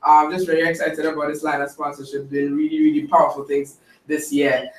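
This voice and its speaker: A team member gives an upbeat, chatty report at a group meeting, full of fillers. His voice is a little high, monotone, and fairly quick, picked up from afar by an echoey room mic with light ambience.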